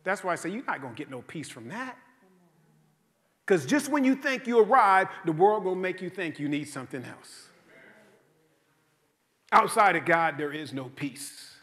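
A male pastor delivers a sermon in a church with a high, bright voice. He preaches in a conversational, joking way, telling stories and repeating phrases for emphasis. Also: big pitch swings, moderate pace, pauses often. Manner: conversational, joking storytelling with repetition. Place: church sanctuary.

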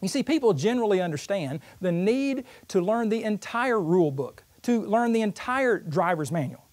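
A man's voice: high-pitched, expressive, normal speed, a little mellow. A man teaching a Bible lesson in an earnest, explanatory way, using everyday analogies. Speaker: preacher.

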